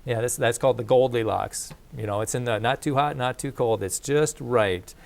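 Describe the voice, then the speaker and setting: A man gives a casual lecture to a class in a plain, conversational way. His voice sits at a mid pitch, and he often restarts phrases and adds asides as he explains. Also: moderate pace, vocal fry, a little mellow. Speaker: teacher of a creation course.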